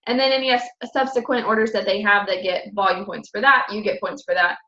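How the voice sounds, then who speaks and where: A woman's voice: mid-range voice, moderate pace, pushed and bright, lo-fi sound. A woman in her twenties giving a casual presentation to her team, chatty and upbeat, with lots of fillers and self-corrections. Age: 20s.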